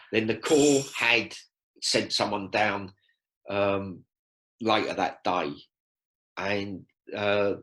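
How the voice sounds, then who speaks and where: A man, telling lively stories as a podcast guest and acting out quoted lines. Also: on the low side, poor audio. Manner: animated storyteller, acts out quotes. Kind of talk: casual storytelling chat.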